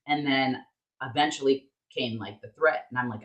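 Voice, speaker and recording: A woman's voice: rumbling low, normal speed. Candid woman telling a story in a roomy room. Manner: animated, candid, swears freely. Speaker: podcast co-host. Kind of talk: casual storytelling chat. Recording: roomy echo.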